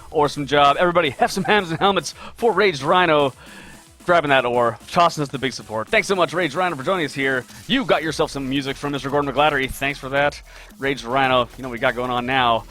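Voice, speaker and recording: A man's voice: medium pitch, brisk, bright, forceful tone, soft background music. A man hosting a casual live stream as a game artist, upbeat and chatty, greeting viewers by name while he draws.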